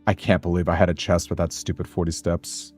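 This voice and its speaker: A man's voice: deep voice, little pitch movement, brisk, a little mellow, faint music behind. A man playing a video game and thinking aloud, anxious and muttering to himself as he plans his moves. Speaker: gaming streamer. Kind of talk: let's play commentary.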